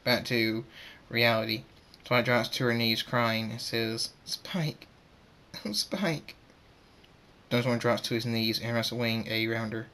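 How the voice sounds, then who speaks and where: Man, narrating a fan story, middling pitch, halting, stammers and restarts. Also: monotone, pushed and bright. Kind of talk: amateur fan-fiction reading.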